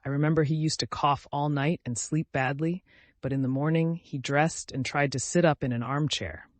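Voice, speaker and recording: A man reading a classic novel aloud as audiobook narrator, measured and gentle. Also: a little high, fairly even intonation, no room sound.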